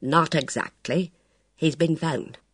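A reader doing a low-key police inspector. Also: male voice, takes it slowly, fairly bright tone, slightly rough, no echo, clean studio sound, full character voice. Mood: musing. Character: dry, reserved police chief inspector.

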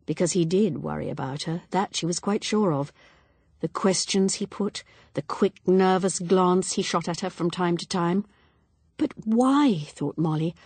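Woman, audiobook narration, measured, expressive, lower pitch, dry close sound. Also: slightly rough, no echo. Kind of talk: scripted narration.

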